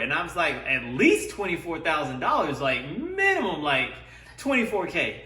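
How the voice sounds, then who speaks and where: A man tells a heated story, imitating other people's lines along the way. His voice sits high and sounds bright. He is picked up from a distance in an echoey room. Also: big pitch swings, moderate pace. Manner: frustrated retelling, mimics others' lines. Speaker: vlogger. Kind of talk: animated storytelling rant. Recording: roomy, away from the mic.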